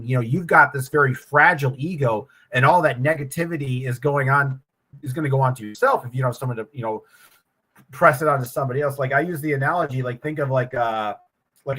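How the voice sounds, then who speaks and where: A man talking through ideas in a casual round table. His voice sits at a middling pitch. He is reflective and leans on "you know" fillers as he builds each point. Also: a little fast, a bit bright, poor audio. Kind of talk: casual group discussion.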